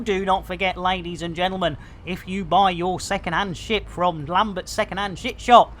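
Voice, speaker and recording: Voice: mid-range voice, sharp tone, slight background noise. A streamer, chatting boisterously and cracking jokes while playing a space game. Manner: boisterous, jokey, rambling.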